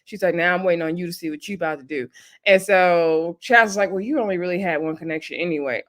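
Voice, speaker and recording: A woman's voice: lowish voice, a bit bright. Chatty woman recapping reality TV. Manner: chatty, laughs often, acts out quotes in quick asides. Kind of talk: casual recap chat.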